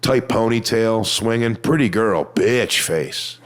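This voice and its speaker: Crude deadpan stand-up comedian, a man. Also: fairly low pitch, takes it slowly. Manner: crude, deadpan storytelling with mocking voice impressions. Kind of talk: stand-up set.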